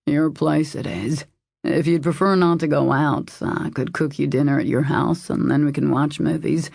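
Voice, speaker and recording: A woman voicing a confident, calm adult man who speaks in a smooth, assured and gently teasing way in an audiobook. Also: low voice, moderate pace, no room sound, studio quality, exaggerated voice. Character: confident, calm adult male boss and suitor. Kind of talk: audiobook character voice.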